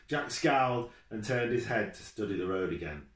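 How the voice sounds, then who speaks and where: Deep-voiced man reading a story. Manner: steady, measured storytelling. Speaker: author reading his own book. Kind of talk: reading a children's book aloud. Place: room at home, with his dog beside him. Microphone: camera for a home video. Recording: echoey room.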